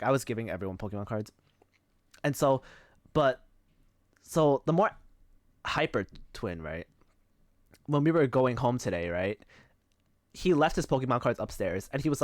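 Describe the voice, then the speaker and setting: A young man streams live with a mid-range voice, recorded cleanly in studio quality with no echo. He chats casually, spinning rambling stories full of fillers and swearing.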